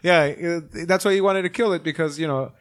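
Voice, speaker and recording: High-voiced man riffing on movies. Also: fast talker. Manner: laughs often, profane, riffing jokes. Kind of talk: casual movie-discussion chat.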